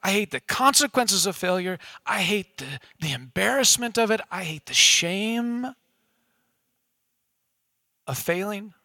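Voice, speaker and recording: A man's voice: sits high, expressive, measured pace, creaky, pauses often, pushed and bright, no room sound, studio quality. A male pastor giving a casual sermon to a room of listeners, conversational and often tossing questions to his audience.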